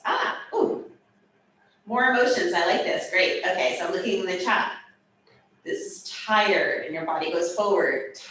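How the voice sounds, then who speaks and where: A woman with a lowish voice teaches a hybrid sign language class, in person and over video call, slowly explaining and demonstrating each sign with animated, playful asides. The recording is roomy and echoey, with the mic far away and faint room noise.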